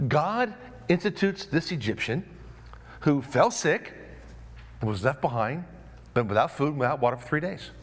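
A male pastor delivering a sermon, acting out the story's voices as he goes. His slightly high voice swings widely in pitch, rising into excited shouts and dropping to quiet asides. He stumbles and repeats words as he builds his points. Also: moderate pace, long pauses. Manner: animated, acts out voices of the story.

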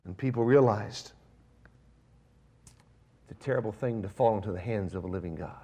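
A man preaching a sermon, swinging between raised, emphatic preaching and hushed, near-whispered lines, with slow, stressed lists. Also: lowish voice, husky. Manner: slow, emphatic delivery of lists and repeated phrases. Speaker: pastor.

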